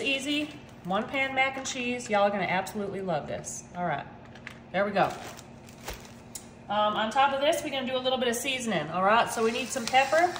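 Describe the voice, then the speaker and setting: A woman's voice: on the high side, reverberant, noisy background. A woman, chatting in an upbeat, casual way as she cooks in her home kitchen. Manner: chatty, upbeat, says "y'all" constantly. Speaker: home cook. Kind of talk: casual cooking video.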